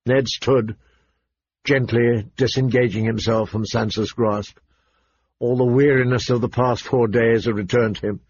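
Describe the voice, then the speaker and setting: A man narrating a story, reading at a steady storytelling pace. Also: mid-range voice, moderate pace, breathy edge, highs cut off. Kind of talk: audiobook reading.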